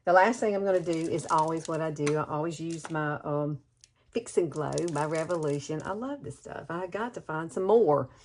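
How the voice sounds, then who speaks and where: A woman's voice: on the low side, slight background noise. Chatty Southern woman with Alabama drawl. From Alabama, USA. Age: 50s. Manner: folksy, chatty, calls viewers girl. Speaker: beauty vlogger. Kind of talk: chatty makeup tutorial.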